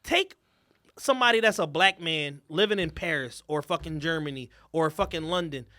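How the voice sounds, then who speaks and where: High-voiced man arguing his point casually. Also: moderate pace, pushed and bright, no room sound, studio quality. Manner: emphatic, argumentative, slangy. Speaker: podcast co-host. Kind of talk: casual chat.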